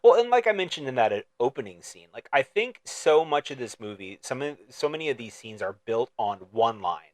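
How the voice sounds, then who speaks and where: A man's voice: medium pitch, very animated, a little fast, no room sound. A man co-hosting a podcast, chatting casually about a movie in a playful, riffing way with frequent restarts. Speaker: podcast co-host. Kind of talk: casual movie-discussion chat.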